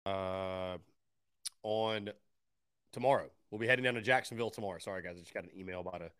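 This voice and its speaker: An upbeat male sports talk host taking calls and reading listener comments. His voice is bright and crisp, and he often repeats a phrase to hammer it home. The sound is dry and close. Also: deep voice, fast talker, no echo. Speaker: sports radio show host.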